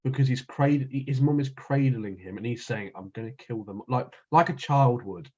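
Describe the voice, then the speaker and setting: A man's voice: medium pitch, moderate pace, mellow, lo-fi sound. A man co-hosting a podcast, rambling in casual chat and restarting his sentences often. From North East England. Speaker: podcast co-host.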